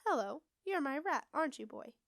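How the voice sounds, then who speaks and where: A woman's voice: on the high side, measured pace, no room sound, studio quality, lightly acted. A woman voicing a dreamy, creepy sleepwalking witch in a strange sing-song voice.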